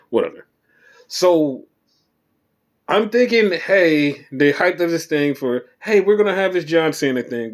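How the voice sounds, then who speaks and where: A man hosting a solo wrestling podcast, recapping casually with profanity and acting out quotes. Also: mid-range voice. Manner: animated, profane, reenacts quotes. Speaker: podcast host.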